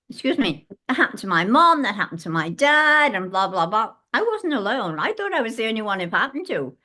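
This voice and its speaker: A British woman in her eighties, from England, telling lively stories as a guest in an interview and acting out the dialogue in them. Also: sits high, fairly quick, few pauses. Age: 80s. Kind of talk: casual interview storytelling.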